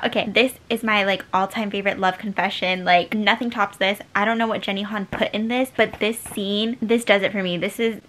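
A young woman talking casually in a reading vlog, gushing like an excited fan. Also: mid-range voice, fairly quick, hardly any pauses, a little hiss or hum. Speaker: book vlogger.

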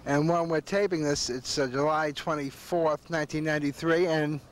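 A man's voice: on the high side, fairly even intonation, moderate pace, a little hiss or hum. Folksy rambling man hosting a talk show. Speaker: host. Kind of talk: casual on-location talk show.

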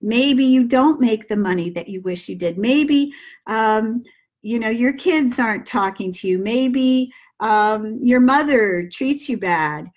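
A middle-aged woman giving a gentle self-help talk, slowly guiding breaths and repeating calming mantras. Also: fairly high pitch. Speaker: manifesting teacher.

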